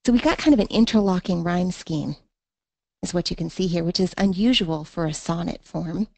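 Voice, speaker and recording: A woman's voice: lowish voice, normal speed, gravelly, a little mellow, no room sound. A woman teaching a poetry lesson in an online class, thinking aloud with fillers and reading verse in a rhythmic beat. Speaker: literature teacher.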